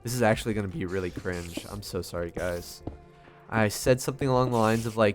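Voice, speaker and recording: A young gaming vlogger rambles casually while playing a video game, swearing often and poking fun at himself. His medium-pitched voice runs a little fast, with faint music behind it.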